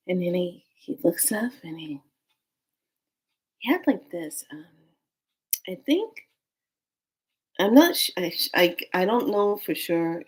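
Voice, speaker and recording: Woman, low-ish voice, animated storyteller who voices the other people in the story and slips into whispers. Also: slow, pauses often. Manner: drops to a hushed whisper for tense moments. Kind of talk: personal storytelling.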